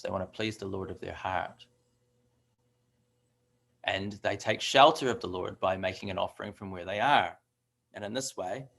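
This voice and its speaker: A man teaching a devotional scripture class in a relaxed, talkative way. His voice sits low and has a gravelly grain. He drifts into fillers and asides as he explains. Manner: conversational, with fillers and asides like "right?".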